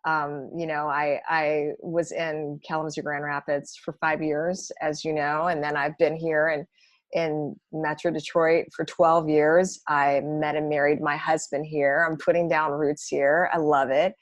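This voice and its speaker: A woman's voice: low voice, flat delivery, a little slow, no room sound. A woman talking enthusiastically as a guest in a casual interview.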